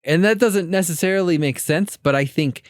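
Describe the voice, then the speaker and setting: A man co-hosting a casual film podcast, animated and laughing often as he acts out lines from scenes. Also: high voice, normal speed, dry recording, studio quality. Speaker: podcast co-host.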